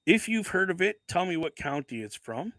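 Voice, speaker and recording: A man's voice: high voice, big pitch swings, normal speed, fairly bright tone, dry recording. A man hosting a casual livestream, chatting as he unboxes, rambling, correcting himself and swearing casually into a desk microphone. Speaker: livestream host.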